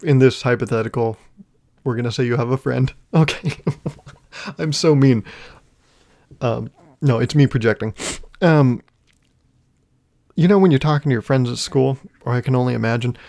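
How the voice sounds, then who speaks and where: A man's voice: mid-range voice, normal speed, vocal fry, long pauses, darkish tone. A young man hosting his own podcast, telling rambling, self-deprecating comic stories in a solo monologue. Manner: rambling, self-deprecating storytelling with frequent laughs. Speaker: podcast host.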